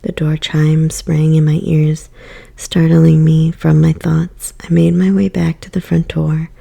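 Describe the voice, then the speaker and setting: A woman giving a soft, whispered ASMR book reading as storyteller. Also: low-pitched, little pitch movement, measured pace, gravelly.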